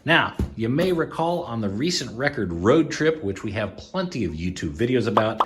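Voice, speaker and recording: A man's voice: mid-range voice, a bit bright. A man hosting a casual unboxing video, chatting enthusiastically about records with frequent fillers. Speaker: podcast host and record collector. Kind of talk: casual unboxing chat to camera. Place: indoors in Australia.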